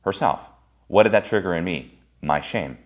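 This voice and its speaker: A man telling personal stories in a candid monologue. He talks bluntly and swears freely, swinging between loud bursts and quiet musing. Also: sits low, animated, normal speed. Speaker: speaker giving a personal-growth monologue.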